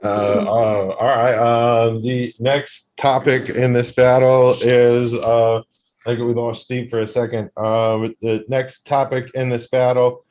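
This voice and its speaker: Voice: medium pitch, flat delivery, slow, a little mellow. A co-host of a comedy battle on a video call, speaking hesitantly with many fillers.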